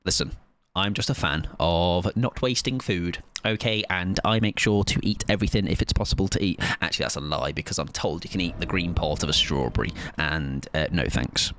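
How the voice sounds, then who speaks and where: A man's voice: low voice, brisk, a bit bright. A man in his thirties chatting casually and joking with his audience while streaming a game. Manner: joking, self-mocking banter with chat. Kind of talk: casual chat while gaming.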